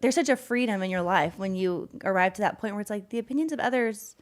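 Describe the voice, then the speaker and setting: A woman's voice: mid-range voice, quick pace. A young woman chats on a podcast she co-hosts, sincere and heartfelt. Her voice sits in a plain middle range. She talks openly and a little emotionally. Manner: warm, heartfelt, gets emotional about her mom. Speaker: podcast co-host. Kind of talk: casual podcast chat.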